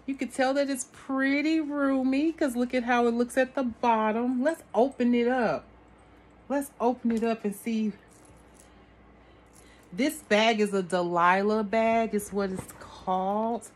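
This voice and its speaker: A woman's voice: fairly high pitch, fairly even intonation, unhurried. A woman vlogging an unboxing of a haul, gushing over each item and talking to her viewers as sis and y'all. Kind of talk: product unboxing chat.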